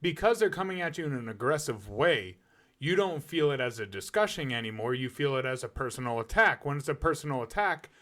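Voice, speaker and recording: A man's voice: medium pitch, sing-song, a little fast, fairly bright tone. A man co-hosting a casual podcast chat, explaining his view step by step and pushing back in a debate. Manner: explains point by point, argumentative. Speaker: podcast co-host.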